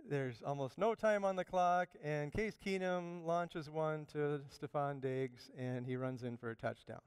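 Pastor preaching, smooth clear voice, kinda high, swings loud then soft, dry sound. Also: male voice, measured pace, no room sound. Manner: animated, rising to bursts of emphasis and dropping to quiet asides. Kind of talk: sermon.

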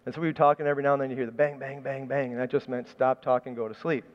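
A man's voice: medium pitch, flat delivery, very fast, in a large hall, highs cut off. A man preaching a sermon in a conversational, storytelling way, often restarting his phrases. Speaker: pastor.

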